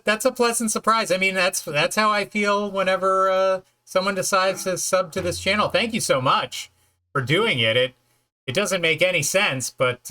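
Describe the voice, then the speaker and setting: A man's voice: fairly high pitch, bright, forceful tone. A man streaming a game, chatting casually, joking and rambling as he plays. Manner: joking, rambling, puts on silly voices. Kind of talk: casual let's-play chat.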